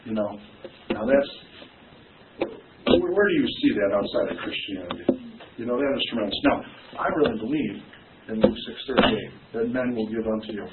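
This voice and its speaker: A man's voice: mid-range voice, brisk, very noisy. Man preaching in an echoey, tinny church. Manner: preachy, with rising shouts and quiet, emotional asides. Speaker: pastor. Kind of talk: sermon. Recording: distant, echoey, phone-like church recording.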